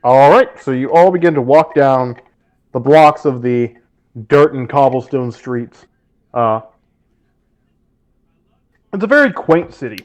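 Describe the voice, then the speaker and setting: A man running a tabletop game as game master, narrating in an animated, rambling way. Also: on the high side, highs cut off.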